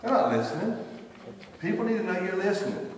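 A man's voice: sits high, very animated, fairly quick, slight background noise. A man preaching a sermon as pastor, telling folksy stories and acting out what people say. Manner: folksy storytelling, acts out quoted voices. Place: church sanctuary. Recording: distant echoey church hall recording.

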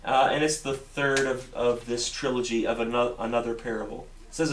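A man's voice: mid-range voice, fairly even intonation, moderate pace, few pauses. A man preaching a sermon in a church, earnest, often repeating himself and restarting phrases. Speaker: pastor. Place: church sanctuary. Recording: roomy echo, mic at a distance, faint hiss.

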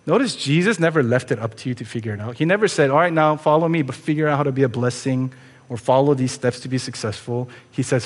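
A man's voice: mid-range voice, lively intonation, a little fast, slightly rough. Earnest male pastor in a reverberant church. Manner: earnest, rhetorical questions, conversational asides. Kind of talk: sermon. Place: church sanctuary.

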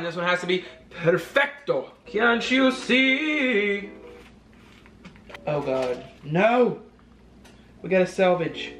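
High-voiced chatty, dramatic male vlogger. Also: a bit bright, a little hiss or hum. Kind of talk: casual vlog chat.

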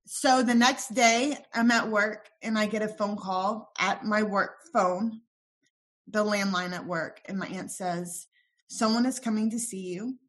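Young woman guest, soft and halting storyteller, mid-pitched, recounts events with lots of ums and quoted dialogue. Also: fairly even intonation. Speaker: interview guest. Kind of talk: personal story in a podcast interview.

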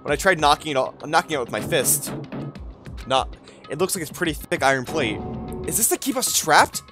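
A man's voice: on the high side, lively intonation, brisk, music in the background. A man voicing an anxious, confused teenage boy student, reading game dialogue aloud in a questioning, nervous way. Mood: puzzled.

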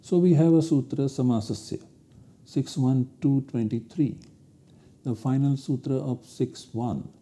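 Male lecturer, very dark mellow tone, methodical and explanatory delivery. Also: medium pitch, a little slow. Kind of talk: university lecture on grammar.

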